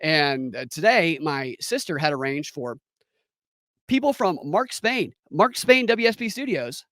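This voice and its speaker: A man spins a comic story for his podcast, his fairly high voice leaping up and down as he mocks what he describes. The sound is dry and close, with no room around it. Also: big pitch swings, measured pace, fairly bright tone, no room sound. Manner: sarcastic, mocking. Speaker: podcast host. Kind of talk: comedic storytelling monologue. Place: home recording studio.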